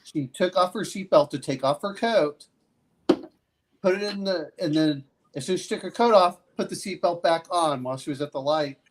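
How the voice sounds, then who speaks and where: A man's voice: a little high, normal speed, noisy background. A man co-hosting a stream, chatting and asking questions. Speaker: stream co-host. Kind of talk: casual chat.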